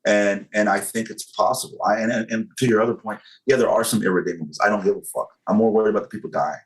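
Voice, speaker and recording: A man talks in a low voice as a podcast guest. He is blunt and emphatic, swears freely and makes his points through analogies. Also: fast, rough recording. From Southern United States. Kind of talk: casual conversation.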